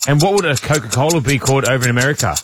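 A man's voice: medium pitch, animated, very fast, over music. An Australian man co-hosting breakfast radio, throwing in teasing jokes. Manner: jokey teasing interjections. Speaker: radio co-host. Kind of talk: casual breakfast radio banter.

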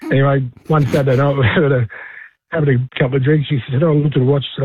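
An Australian caller rattling through a story fast on a tinny phone line. His voice is husky and slightly high. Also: dry recording. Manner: chatty storyteller. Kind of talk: phone-in anecdote.

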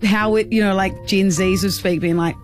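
A woman's voice: medium pitch, steady tone, moderate pace, soft background music. An Australian woman hosting a radio show, bantering playfully and laughing often as she teases her co-host.

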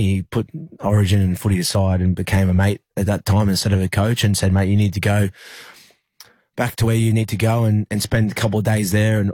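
Young Australian male athlete, low husky voice, dry close sound, halting storyteller. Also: a little mellow, no room sound. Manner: halting, lots of fillers and restarts. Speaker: interview guest, rugby league player. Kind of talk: emotional personal storytelling.

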